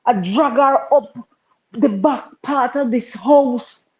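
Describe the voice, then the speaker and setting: A Jamaican woman co-hosting a live-stream chat. She talks in patois, with emotion, and repeats herself when she gets worked up. Her voice sits fairly high and comes through on dull, lo-fi audio. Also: slow, a little mellow. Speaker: co-host.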